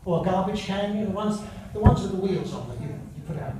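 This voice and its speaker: A man's voice: high voice, expressive, fast. An older English man doing stand-up, telling stories and teasing the audience in a chatty way. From England. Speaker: comedian and after-dinner speaker. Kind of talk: stand-up storytelling. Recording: echoey hall from far off, loud noise.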